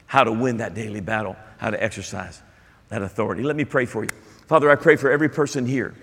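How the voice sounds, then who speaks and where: A man with a fairly low but fairly bright voice preaches fast in a church, emphatic and conversational, addressing the congregation with asides. The recording has a long hall reverb and a little hiss or hum.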